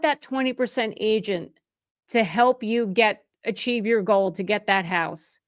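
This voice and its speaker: A middle-aged woman real estate agent talks through a livestream Q&A in a medium-pitched voice. She answers viewer chat casually, starting sentences over and correcting herself as she goes. She is openly emotional and effusive with her viewers. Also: unhurried. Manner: chatty and conversational, with frequent restarts and self-corrections.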